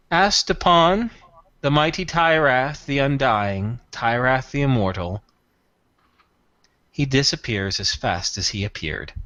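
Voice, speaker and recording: A man narrating a tabletop role-playing game as game master in a relaxed, unhurried way. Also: mid-range voice, dry recording.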